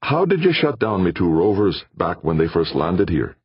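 A man's voice: low-pitched, very animated, normal speed, husky, no room sound, highs cut off, voice pushed up, exaggerated voice. A man voicing a proud, hearty male roboticist who speaks eagerly and emphatically.

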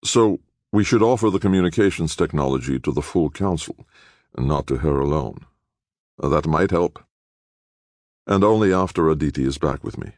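A man's voice: very deep voice, normal speed, darkish tone, dry recording, studio quality, voice pushed up. A man voicing a worried man on the run who speaks in an anxious, pleading way. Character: worried male political exile on the run.

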